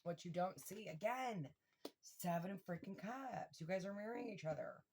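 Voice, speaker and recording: Woman, tarot reader, casual and excitable, curses a lot, talks right at the viewers. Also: mid-range voice, normal speed, a little hiss or hum. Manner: excitable, swears freely, addresses viewers directly. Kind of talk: casual tarot reading to camera.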